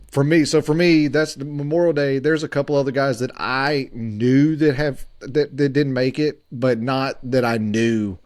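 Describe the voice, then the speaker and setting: A man in his forties, a podcast co-host, telling a story in a halting way with many fillers and restarts. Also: mid-range voice, darkish tone, no echo, clean studio sound.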